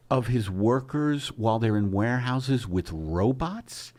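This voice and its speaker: A man hosting a comedy podcast, ranting, swinging from low growling threats to loud indignant outbursts. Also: expressive, a little slow, few pauses. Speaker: podcast host.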